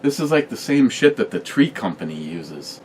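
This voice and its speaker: Man, low-pitched, crude joking banter, faint background hiss. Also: moderate pace, recorded from a distance. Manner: crude joking, animated storytelling. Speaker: co-host of a beer review channel. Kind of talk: casual banter.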